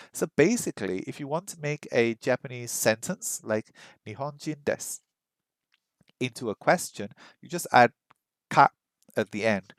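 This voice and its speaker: A man's voice: medium pitch, smooth, no room sound. A man from Britain casually talking through his language-learning practice, chatty and self-deprecating with plenty of ums and uhs.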